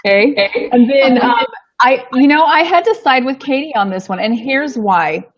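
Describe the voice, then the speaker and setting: A woman's voice: sits high, expressive, normal speed, lo-fi sound. A woman co-hosting a casual live-stream chat, talkative and teasing, with lots of fillers. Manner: chatty and teasing, with frequent laughs and fillers. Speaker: co-host.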